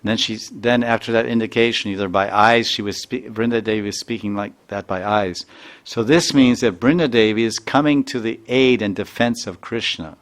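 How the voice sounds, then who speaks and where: A man's voice: lowish voice, moderate pace. A man, a spiritual teacher, telling a devotional story in an earnest sermon with many repetitions.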